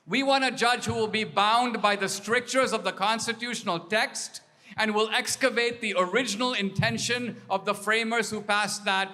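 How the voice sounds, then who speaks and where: A man's voice: high-pitched, in a large hall. A man giving a political speech to an audience, telling stories animatedly and acting out exchanges. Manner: animated storytelling, acts out exchanges. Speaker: political speaker.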